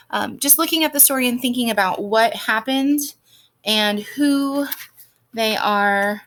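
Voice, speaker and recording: A woman's voice: mid-range voice, fairly bright tone, a little hiss or hum. Patient woman teacher explaining schoolwork. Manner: patient, explaining step by step with many fillers. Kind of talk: recorded lesson instructions for a student.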